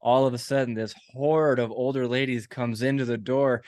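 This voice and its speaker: A man's voice: medium pitch, fairly even intonation, normal speed, a little mellow, dry recording, clean studio sound. Rambling, self-mocking man in his forties. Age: 40s. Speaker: podcast host. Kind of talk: casual podcast chat.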